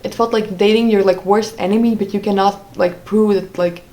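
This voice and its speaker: Woman vlogger, mid-range voice, halting personal storytelling full of fillers. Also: mid-range voice, fairly even intonation, mellow, rough recording. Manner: hesitant, many "like" fillers and self-corrections.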